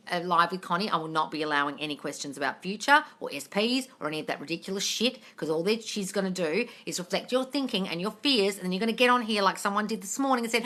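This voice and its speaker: A woman hosts a casual live-stream Q&A, reading viewers' questions and answering them bluntly. Her voice is bright and forward, and she swears without hesitation while calling her listeners darling. She sounds like she is talking into a phone at home. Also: medium pitch.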